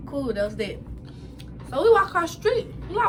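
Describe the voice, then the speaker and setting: A young woman with a New York accent, casually telling a storytime in an animated, chatty, slangy way. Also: a little fast. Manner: animated, chatty, slangy retelling with repeated "boom". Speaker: vlogger.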